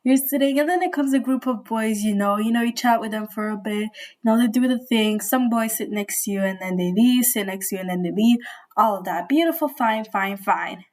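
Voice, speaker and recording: A woman's voice: a little high, a little fast, darkish tone. A young woman talking indoors at home, telling a rambling, gushing storytime to her viewers, full of "you know" and "like". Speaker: vlogger. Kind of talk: casual storytime chat.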